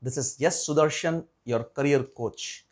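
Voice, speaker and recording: A man's voice: a little high, a little slow. A man career coach giving an earnest talk to parents, often repeating and restarting his phrases.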